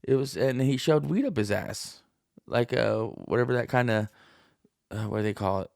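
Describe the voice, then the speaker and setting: A man's voice: animated, moderate pace, vocal fry, a little mellow, no echo, clean studio sound. A man in his thirties, a podcast host, in a rambling, profane, jokey monologue. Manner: profane, jokey, puts on high voices to act out stories.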